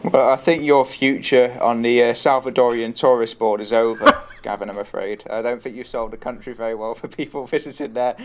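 A man's voice: medium pitch, fairly even intonation, brisk, few pauses. A man hosting a podcast, casual and joking as he wraps up the episode. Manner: joking, laughing. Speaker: podcast host.

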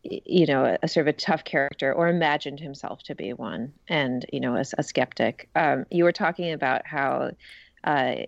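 A woman with a low voice answering interview questions about her book, loose and casual with frequent ums. The sound is dry and slightly muffled. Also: normal speed, vocal fry, dry recording. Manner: casual, full of ums and hedging. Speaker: picture book author.

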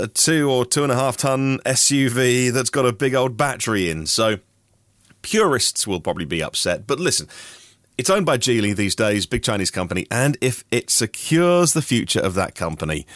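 A man's voice: lowish voice, a bit bright, dry recording. A man from Norfolk hosting a daily news podcast, reading through stories in a chatty way with personal asides. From Norfolk, England. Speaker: podcast host.

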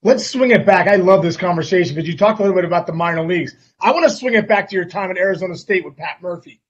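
A man's voice: high-pitched, racing, breathy edge, highs cut off. A man hosting a podcast who asks long, winding questions. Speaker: podcast host. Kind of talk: interview questions.

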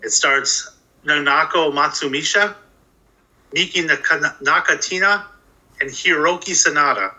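A man's voice: a little high, a little slow, sharp tone, rough recording. A man in a casual podcast chat, precisely reciting facts about a film. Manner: precise, informative, reads off film details. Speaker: podcast guest presenting a film.

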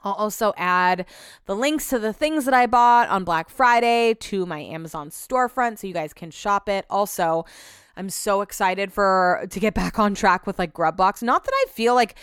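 A young adult woman hosts a podcast solo, chatting casually and rambling with lots of fillers. Her mid-range voice has lively intonation, a moderate pace, and a fairly bright, clear, resonant tone. The recording is dry with clean studio sound.

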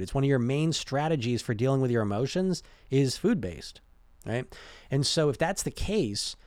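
Speaking in a mid-range, slightly mellow voice with no room sound, a man coaches on weight loss in a casual motivational talk. He's conversational, repeats and restarts words as he goes, and keeps tossing in "right?" and "you know?".

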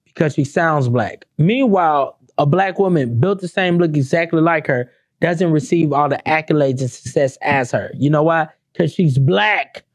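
A woman's voice: normal speed, no room sound, studio quality. A woman hosting her own podcast, ranting bluntly and sarcastically with lots of swearing and rhetorical questions. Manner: swings between high exclamations and low, dropped asides. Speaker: podcast host. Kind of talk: profane ranting podcast monologue.

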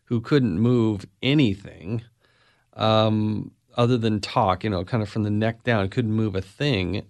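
A man hosting a podcast, reflective and halting as he shares a family story. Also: fairly low pitch. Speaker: host.

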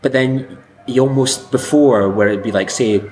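A man's voice: medium pitch, moderate pace, a little mellow, rough recording. A man from Scotland chatting casually as a podcast co-host, rambling with lots of fillers. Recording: background noise.

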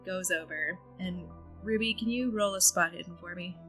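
A woman narrating a tabletop horror game as game master, calm and wry. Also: fairly low pitch, moderate pace, soft background music, poor audio.

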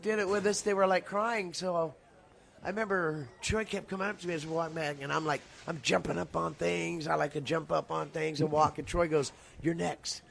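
A man's voice: on the high side, steady tone, a little fast, vocal fry, a bit bright. A man, a guest singer, rambling and laughing through stories in a live talk show interview on a cruise ship.

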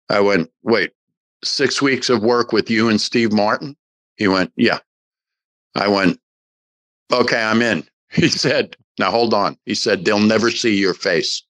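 An older actor, appearing as a guest in an interview, tells a long, emotional story and acts out everyone's lines. His voice is fairly low and a little slow, and the recording has no room sound.

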